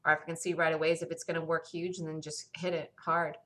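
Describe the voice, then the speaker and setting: A woman's voice: low-pitched, level tone, quick pace, fairly bright tone. A woman hosting a stock market review show, talking through the day's trading on her own in an emphatic, self-assured way that circles back to the same points. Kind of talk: solo market review commentary.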